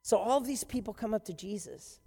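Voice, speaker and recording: A pastor delivers an animated, emphatic sermon, retelling scenes with punchy emphasis. The voice carries a long hall reverb that marks a large church space. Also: mid-range voice, a little fast, vocal fry.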